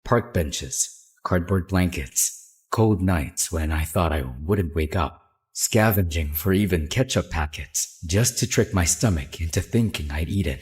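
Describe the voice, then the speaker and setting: An actor playing a blunt, sarcastic young man in an animated story, teasing dryly and turning quietly reflective when he speaks of his past. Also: sits low, a little slow, breathy edge, exaggerated voice.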